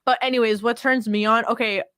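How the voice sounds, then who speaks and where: A woman's voice: fairly high pitch, steady tone, a little fast, fairly bright tone, no echo, studio quality. A woman co-hosting a casual podcast chat, talking freely with lots of "like" and "you know". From Miami area. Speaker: podcast co-host.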